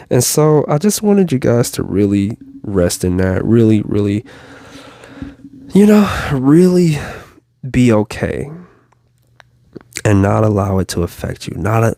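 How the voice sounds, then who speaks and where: A man's voice: fairly low pitch, gravelly, dark tone, dry recording, clean studio sound. A man hosting a motivational show, talking casually and encouragingly to his viewers, repeating himself and calling them y'all. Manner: casual, repetitive, encouraging, addresses listeners as y'all.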